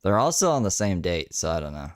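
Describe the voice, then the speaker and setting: Very low-voiced man, blunt, sweary, tired reaction host, dry close sound. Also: very animated, fast, dry recording. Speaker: commentary channel host. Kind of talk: casual reaction commentary.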